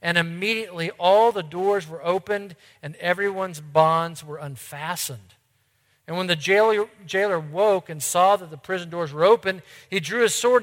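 Male pastor, slightly high voice, earnest sermon, loud then hushed, long hall reverb.

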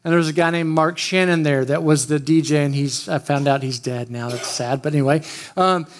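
A man preaches in a light, high voice. He opens with a casual, joking personal story and keeps talking straight to the people in front of him. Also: brisk. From Oklahoma, USA. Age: 50s. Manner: chatty, joking, talks straight to the room. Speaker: pastor. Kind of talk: storytelling sermon.

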